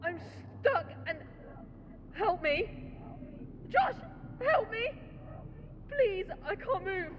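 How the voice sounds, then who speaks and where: An actress playing a panicked, trapped young woman in a game, shouting and sobbing. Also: high voice, sing-song, unhurried, pauses often, muffled recording, slight background noise. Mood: terrified.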